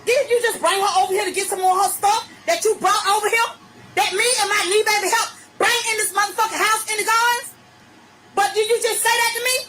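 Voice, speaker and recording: A middle-aged woman from Virginia with a Virginia accent, ranting profanely and bluntly into her phone on a live stream, often breaking into shouting. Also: very high-pitched, steady tone, quick pace, noisy background. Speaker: livestreamer. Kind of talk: angry live-stream rant.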